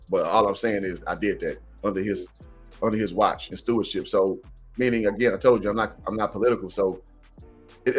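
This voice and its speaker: A man co-hosting a podcast, talking in a relaxed, reflective, opinionated way. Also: fairly low pitch. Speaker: podcast co-host. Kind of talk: casual chat.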